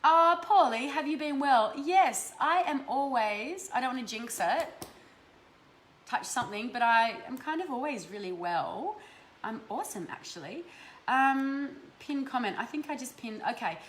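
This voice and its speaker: Animated and unhurried, an Australian host talks with live-stream viewers during energy readings, casual, affectionate, and freely profane. Her voice is high-pitched and a bit bright, with a roomy echo and faint background noise in the recording.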